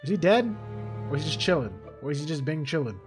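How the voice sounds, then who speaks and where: A man's voice: on the high side, big pitch swings, fast talker. A man streaming a video game, making jokey casual asides and reacting to his chat. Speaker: let's play streamer. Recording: game music playing behind.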